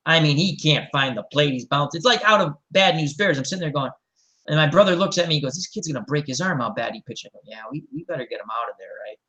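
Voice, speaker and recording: Rambling animated male storyteller. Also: a little high, fast talker, poor audio. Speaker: show host. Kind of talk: casual storytelling chat.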